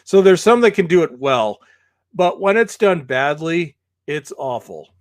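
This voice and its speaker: A man's voice: on the high side, sing-song, measured pace. A man with a Canadian accent, a guest in a casual chat, talking hesitantly and poking fun at himself. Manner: hesitant, many fillers and restarts, self-deprecating. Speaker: podcast guest.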